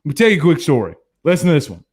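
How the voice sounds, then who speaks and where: A man in his thirties from Louisiana hosting a casual sports stream, reading viewer comments and telling stories in a blunt, animated way. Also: fairly high pitch, very fast, slightly rough. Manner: animated storyteller, hums drum beats, blunt. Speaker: sports show host.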